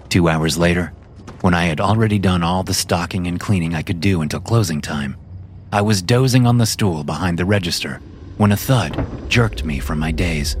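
A man with a low-pitched voice narrates a horror story in the first person. He tells it at a measured, steady pace.

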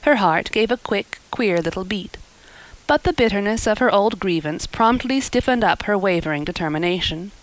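A woman narrating a classic storybook in a measured, expressive reading. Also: medium pitch, poor audio. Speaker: audiobook reader. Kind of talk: scripted narration.

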